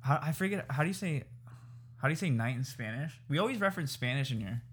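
A man's voice: a little high, lively intonation, quick pace, husky. A young man co-hosting a podcast, chatting casually with slang and swearing. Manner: slangy, profane banter. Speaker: podcast co-host. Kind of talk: casual chat.

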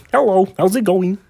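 A man doing an impression of a gentle, cheerful puppet frog in a raised, nasal voice. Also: sits high, creaky, slightly rough, pitched above the performer's own voice, heavily acted.

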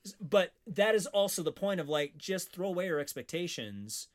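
A woman's voice: fairly low pitch, lively intonation, moderate pace. Casual swearing woman podcast co-host. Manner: swears casually, acts out lines from scenes. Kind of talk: casual chat recapping a film.

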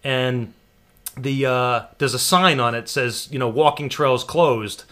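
An American man telling a long story in casual chat, animated and laughing, with some swearing. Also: medium pitch, takes it slowly. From United States.

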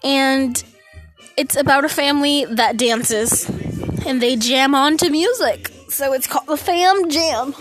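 A fourteen-year-old girl hosting her podcast from her bedroom into a phone, out of breath, rambling and losing her train of thought. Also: high-pitched. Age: teens. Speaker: podcast host. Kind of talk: casual solo podcast chat.

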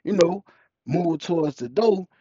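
High-voiced man telling a story. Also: measured pace, dry recording. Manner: animated and profane, acting out the voices of people in the story. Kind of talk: casual storytelling. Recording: dull, muffled, dry recording.

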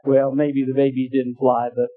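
A man's voice: medium pitch, completely flat delivery, moderate pace, no echo, faint music behind. A male pastor preaching a sermon in a folksy, anecdotal way, often restarting phrases. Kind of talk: sermon with storytelling. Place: church. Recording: tinny phone-like dry sound.

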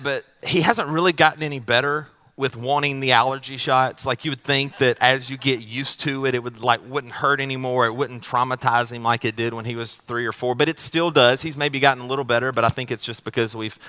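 A man's voice: medium pitch, steady tone, a little fast, sharp tone. A man preaching a sermon as pastor. He tells a family story in a casual, joking way and often repeats his words as he goes.

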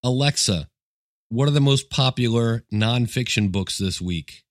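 A man's voice: medium pitch, unhurried, no echo, clean studio sound. A male podcast host giving a casual demo, talking plainly and giving commands to a device.

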